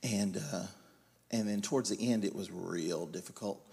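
A man preaching a sermon, swinging between loud emphatic lines and quiet confiding storytelling. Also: sits low, normal speed, vocal fry, breathy edge. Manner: animated, loud and emphatic, then quiet and confiding when telling his story. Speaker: guest preacher.

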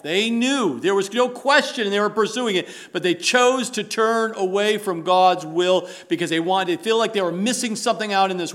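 Bright, high-voiced preaching pastor. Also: male voice. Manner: preaching with rising emphasis and repetition. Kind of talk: sermon.

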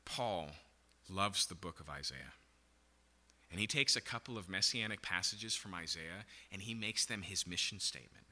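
Male preacher, lowish and sharply bright voice, teaching style, keeps asking "right?", echoing church hall. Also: normal speed. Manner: animated Bible teaching, frequent "okay?" and "right?". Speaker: pastor. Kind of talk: sermon.

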